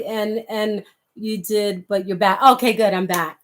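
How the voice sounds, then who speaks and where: A woman's voice: mid-range voice, fairly even intonation, unhurried, slight background noise. A middle-aged woman hosting a livestream, talking passionately to viewers and reading their comments. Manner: impassioned, reads viewer comments aloud. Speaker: livestream host. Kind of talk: casual livestream talk.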